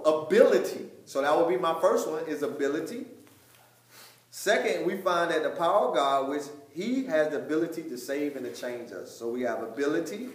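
A man teaching a Bible study, emphatic, often repeating words, with loud stressed points and quieter asides. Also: on the high side, expressive, normal speed. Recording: echoey room.

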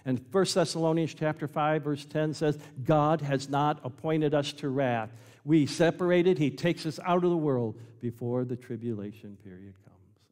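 A man preaching a sermon as pastor, emphatic, swinging between loud passages and quiet ones. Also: fairly high pitch, moderate pace, long reverb tail. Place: church sanctuary.

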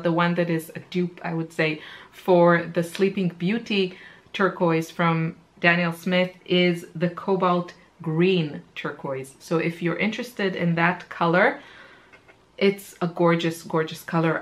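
Woman, slightly low voice, casual chatty review, enthusiastic, lots of ums, repeats praise. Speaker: art supply reviewer. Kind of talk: laid-back chatty product talk.

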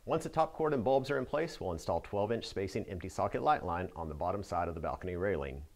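A man's voice: low voice, expressive, fast talker, creaky, a little mellow. A man narrating a scripted how-to as a Christmas lighting expert answering a viewer question, with an upbeat instructional delivery.

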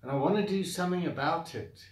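A man's voice: a little high, quick pace, roomy sound, distant mic. A man with a South African accent who founded a coaching academy, bluntly venting his frustration straight to the camera with sighs and repeated complaints. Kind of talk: direct-to-camera rant.

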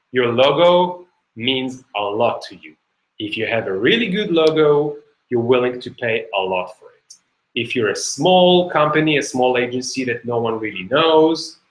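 Guy running a webinar, chatty, lots of "okay?", bright sharp voice, echoey room. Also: mid-range voice. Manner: chatty, many fillers and "okay?" checks. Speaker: webinar teacher, company co-founder. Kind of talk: online webinar lesson.

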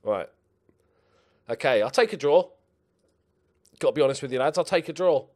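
A man's voice: a little high, expressive, moderate pace, darkish tone. A young man playing a football management game, muttering to himself and swearing at his players as he comments. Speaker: gaming channel host.

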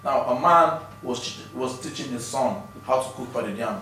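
A man from Africa, a stand-up comedian talking loosely and in an animated way about his comedy. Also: medium pitch, normal speed, hardly any pauses, slight background noise. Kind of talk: casual interview talk.

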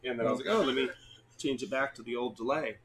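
A man's voice: medium pitch, fast talker, background noise. A man hosting a live wine tasting stream, chatting loosely and restarting his sentences while he checks the audio and video sync. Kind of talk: casual chat during a tech check.

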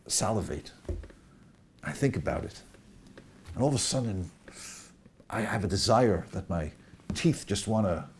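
A man's voice: mid-range voice, vocal fry, darkish tone, slight background noise. A man voicing a sly, persuasive male serpent who tempts with coaxing rhetorical questions.

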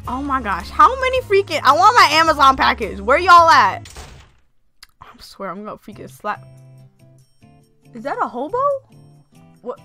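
A woman commentating her own gameplay, reacting loudly and giggling, sometimes voicing the characters. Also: sits high, sing-song, moderate pace, pauses often, faint music behind. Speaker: gamer. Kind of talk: let's play commentary.

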